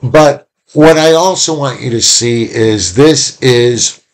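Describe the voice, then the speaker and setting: A man talks through a lecture from his home, loose and conversational. He rambles, restarts his sentences and fills gaps with "uh" and "um," at an ordinary middle pitch. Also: takes it slowly. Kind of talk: casual recorded lecture. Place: home room.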